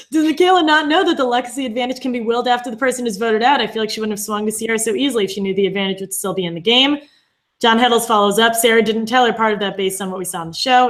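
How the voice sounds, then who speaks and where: Young woman, slightly high pitch, casual podcast chat, agreeable. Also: racing. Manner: chatty, agreeable, frequent fillers. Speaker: co-host of a reality show podcast. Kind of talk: casual live-stream chat.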